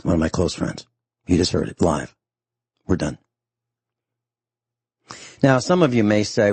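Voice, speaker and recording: A deep, gravelly man delivers a stern radio talk show monologue. His voice is husky and close in a dry studio sound, and he hammers his points by repeating them. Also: expressive, a little slow, pauses often, a little mellow, no room sound.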